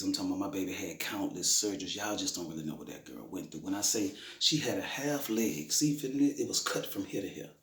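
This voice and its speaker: A middle-aged man, a father telling an emotional personal story in a conversational, repetitive way. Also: sits low. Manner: conversational, repeats himself, frequent "you know what I'm saying". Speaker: grieving father interviewee. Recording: roomy echoey room.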